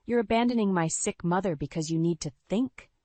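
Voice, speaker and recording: A woman voicing an angry, contemptuous middle-aged husband, sneering and shouting, in a storybook reading. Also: lowish voice, fairly quick, no room sound, pitched above the performer's own voice, close to an everyday voice.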